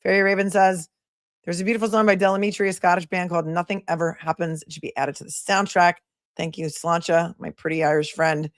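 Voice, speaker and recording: A woman attorney hosts a casual livestream, reading viewer messages aloud and thanking them warmly and chattily. Her voice is fairly low, fairly quick, and fairly even in intonation, with clean studio sound and no room noise.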